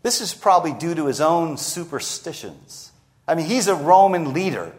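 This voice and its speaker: A man preaching an expository sermon, slowing down and acting out quoted lines for emphasis. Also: a little high, expressive.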